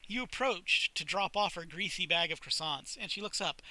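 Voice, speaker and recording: Bright-voiced man reading a story, wry. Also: high voice, normal speed, low-quality recording. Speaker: reader. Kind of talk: reading an interactive story aloud.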